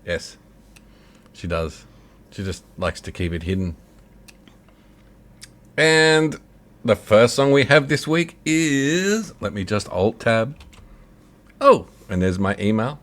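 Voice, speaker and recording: Laid-back, low-voiced man. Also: very animated, slow pace, long pauses. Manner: jokey, laughs often, puts on a mock announcer voice. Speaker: radio show co-host. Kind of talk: casual banter on an online radio show.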